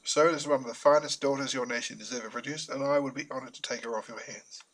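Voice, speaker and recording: A man's voice: mid-range voice, fairly even intonation, fast talker, fairly bright tone, lightly acted, poor audio. A man voicing an earnest young Australian man with an Australian accent, speaking formally.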